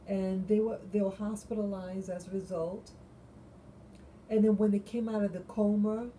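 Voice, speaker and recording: Slow, dark-voiced woman musing late at night. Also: mid-range voice, a little hiss or hum, rough recording. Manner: halting and musing, many restarts. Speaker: vlogger. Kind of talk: late-night solo monologue.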